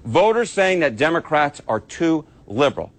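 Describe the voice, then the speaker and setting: Man analyst, fairly high pitch, animated, emphatic, repeats words. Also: moderate pace. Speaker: political data analyst. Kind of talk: on-air explanation.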